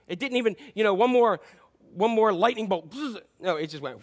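A man's voice: high voice, animated, normal speed, a bit bright. A pastor preaching a sermon in a chatty, joking way, asking his congregation questions and acting out scripture. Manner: conversational and joking, quizzes the congregation; acts out scripture quotes in playful voices.

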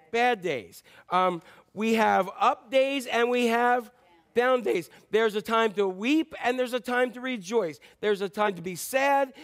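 A man preaching a sermon in a conversational way, repeating key phrases and dropping frequent ums, moving between loud emphatic lines and quiet low asides. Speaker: pastor.

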